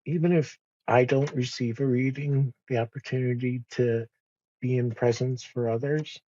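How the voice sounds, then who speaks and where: A man speaking as a podcast guest in a slow, soft-spoken, reflective way, pausing often and restarting his sentences. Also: mid-range voice, fairly even intonation, muffled recording. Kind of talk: reflective conversation.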